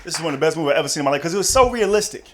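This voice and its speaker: A young man doing a stand-up comedy set on a club stage, talking casually and jumping into loud high voices for the people in his stories. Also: very fast, a crowd in the background, noisy background. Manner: animated, jumps into loud high-pitched voices for characters.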